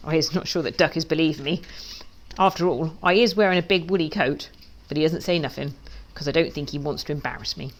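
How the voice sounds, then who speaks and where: A woman, a children's author, reading her storybook aloud in a lively, playful way. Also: deep voice, a little fast, slight background noise.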